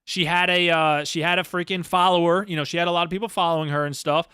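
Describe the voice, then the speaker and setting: A man's voice: fairly high pitch, fairly even intonation, fast, pushed and bright, clean tone, no room sound, clean studio sound. Blunt, profane young man streaming. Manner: blunt, profane, rambling, heavy with fillers. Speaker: Marine. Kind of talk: casual livestream talk.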